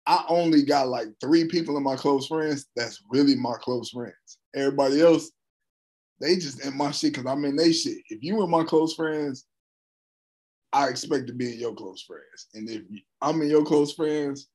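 A man in his thirties hosting a reaction video, talking in an excitable, slangy and profane way. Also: mid-range voice, normal speed, low-quality recording. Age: 30s. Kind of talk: casual reaction commentary.

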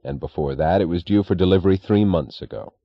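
A man's voice: low voice, fast, dry recording, lo-fi sound. A man reading an audiobook voices an earnest, worried young railroad assistant who speaks urgently and plainly. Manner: urgent, pleading, plain-spoken.

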